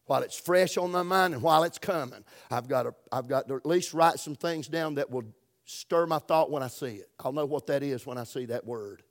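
A middle-aged man with a Southern US accent, preaching a folksy, emphatic sermon that swings between loud stresses and soft, drawn-out words. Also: medium pitch. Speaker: pastor.

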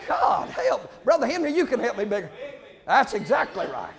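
A preacher man with a very high, strained voice and a gravelly edge. He shouts and fires off his lines at speed, dropping amens between them. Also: wildly swooping pitch, some chatter behind. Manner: shouting, rapid-fire with frequent amens. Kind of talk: fiery Pentecostal-style sermon.

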